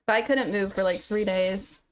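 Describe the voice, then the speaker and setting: On a live stream, a young woman casually talks with viewers, reads the chat aloud, and tells a laugh-filled story. Her voice is mid-range and her pace normal.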